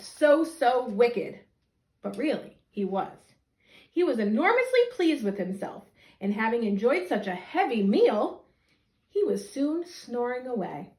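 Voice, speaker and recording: A woman teacher reading a children's story aloud for young listeners, her voice high and leaping around expressively. The sound is roomy, with a clear echo. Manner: animated, expressive.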